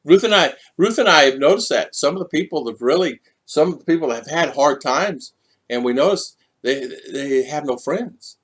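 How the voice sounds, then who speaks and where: Guy on a live stream, highish voice that bounces all over, chuckling and saying hi to viewers. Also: normal speed, husky. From United States. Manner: animated, chuckles often, greets viewers by name. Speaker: vlogger hosting a live stream.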